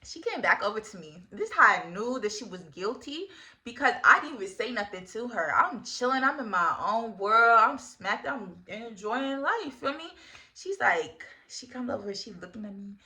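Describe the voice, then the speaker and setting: A young woman in her twenties telling a casual storytime, animated and full of slang, laughing often. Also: medium pitch, normal speed. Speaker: vlogger.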